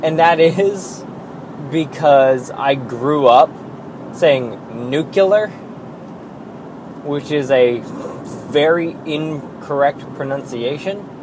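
A man hosting his own podcast alone, rambling in a casual, self-deprecating way with lots of fillers and the odd swear word. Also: mid-range voice. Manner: slow and drawn-out. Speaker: podcast host. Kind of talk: casual solo podcast monologue. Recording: noisy background hiss.

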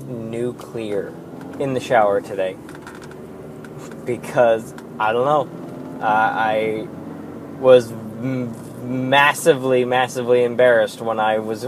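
A steady hiss sits under this recording of a podcast host alone at the mic. His ordinary-pitched voice drags along unhurriedly as he rambles, swears, pokes fun at himself and fills gaps with filler words.

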